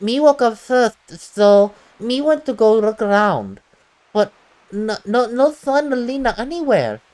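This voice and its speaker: A woman's voice: a little high, very animated, a little slow, a little mellow, pitched above the performer's own voice. A woman voicing a childlike talking dog sidekick in a game, with a lisp and simple broken speech. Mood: worried. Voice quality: lisp, talks about itself as "me".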